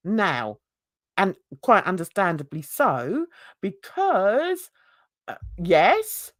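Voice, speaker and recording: A woman's voice: medium pitch, huge pitch swings, extremely slow, dry recording, studio quality. A woman from Britain co-hosting a casual livestream chat, chatty, laughing often and greeting viewers. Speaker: livestream co-host.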